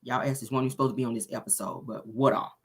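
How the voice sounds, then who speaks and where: A woman in her thirties, the host, recapping a reality show in sassy, animated casual chat and calling everyone honey and girl. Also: rumbling low, rapid-fire, breathy edge.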